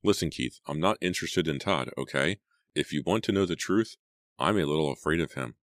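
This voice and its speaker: A man's voice: rumbling low, lively intonation, brisk, a bit bright, dry recording, clean studio sound. A man reading aloud as a teenage girl from an audiobook, voicing her tense, defensive lines in a raised voice. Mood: insistent. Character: teenage girl narrator, anxious and guarded.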